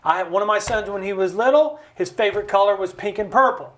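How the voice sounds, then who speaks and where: Host, fifties; raised pitch, emphatic preacher-like delivery, acts out quotes. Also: male voice, fast. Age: 50s. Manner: emphatic, animated storytelling with voiced quotes. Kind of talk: conversational podcast talk, preaching-style. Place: recording studio.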